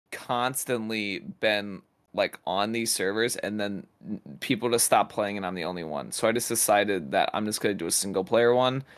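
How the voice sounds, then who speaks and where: A man's voice: on the low side, a bit bright, no room sound. A teenage man co-hosting a casual podcast chat, talking in an emphatic, insistent way. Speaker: co-host.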